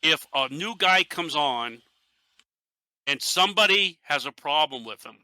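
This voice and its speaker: Bright-voiced animated storyteller man. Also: fairly high pitch, measured pace, no echo. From Northeastern Pennsylvania. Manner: animated storyteller, acts out quotes with laughs. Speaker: podcast guest, airsoft team leader. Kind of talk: casual podcast chat.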